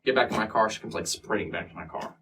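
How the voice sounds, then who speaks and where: A man's voice: lowish voice, fast talker, fairly bright tone. A man casually telling a long story as an interview guest, swearing often and acting out what people said. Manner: profane, rambling, acts out quotes. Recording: distant mic with faint room noise.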